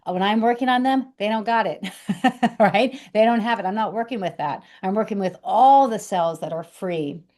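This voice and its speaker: Woman bodywork teacher, calm reflective delivery, mid pitch, many ums and restarts. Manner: soft, unhurried, reflective, with frequent fillers and restarts. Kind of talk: gentle instructional talk.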